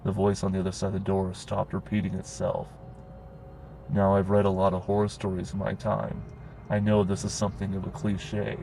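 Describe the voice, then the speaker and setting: A man narrating a horror story in a grim, steady storytelling manner. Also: deep voice, creaky, background noise.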